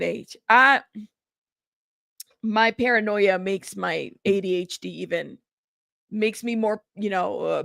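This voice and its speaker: Uma mulher apresentando uma live casual, conversando com o chat de forma tagarela, recomeçando frases, cansada e frustrada. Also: female voice, fairly high pitch, no echo, clean studio sound. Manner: chatty, greets chat by name, rambling restarts. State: tired and frustrated. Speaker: livestream host.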